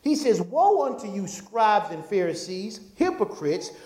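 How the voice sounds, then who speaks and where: A pastor preaching a sermon in a church, animated and folksy, calling out to the congregation. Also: medium pitch, a little slow. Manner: animated, call-and-response preaching; folksy, conversational asides. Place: church sanctuary. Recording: echoey church room.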